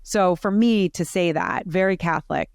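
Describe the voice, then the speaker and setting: Brief: middle-aged woman guest, animated storyteller, filler-heavy, dry close sound. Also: lowish voice, moderate pace, creaky, clean tone, no room sound. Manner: animated, lots of "like" fillers and restarts. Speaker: podcast guest. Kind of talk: personal storytelling in conversation.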